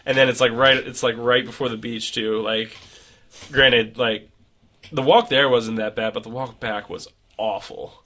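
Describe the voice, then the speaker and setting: A man's voice: medium pitch, steady tone, moderate pace, sharp tone. A young man co-hosting a casual podcast, telling a rambling travel story full of fillers. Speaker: podcast co-host. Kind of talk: casual chat.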